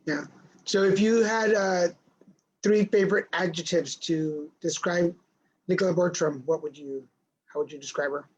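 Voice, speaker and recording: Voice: medium pitch, steady tone, normal speed, slightly rough, poor audio. An interview host asking long, winding questions with friendly restarts. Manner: friendly, rambling questions with restarts, shifting pace. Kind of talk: casual interview chat.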